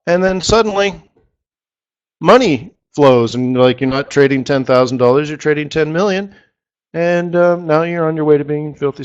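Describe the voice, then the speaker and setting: Brief: middle-aged male trading host, somewhat high voice, loose rambling webinar talk, repeats words to stress a point. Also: normal speed, smooth, highs cut off. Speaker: forex market strategist hosting a live session.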